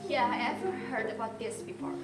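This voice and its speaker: A woman's voice: a little high, animated, a little fast. A young woman co-hosting a casual podcast, agreeing and adding short explanations. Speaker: podcast co-host. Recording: echoey room with loud music behind.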